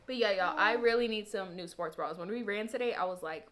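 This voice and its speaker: A woman's voice: mid-range voice, fast talker, few pauses, fairly bright tone. A young woman talking casually to her viewers in a vlog, chatty and playful, often calling them y'all. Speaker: lifestyle vlogger. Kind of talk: casual vlog chat to camera.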